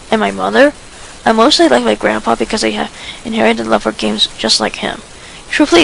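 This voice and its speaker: An eager, friendly teenage boy who loves games and explains them earnestly, as a woman reads him. The voice is somewhat high and heavily gravelly. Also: fairly bright tone, a little hiss or hum, heavily acted, poor audio.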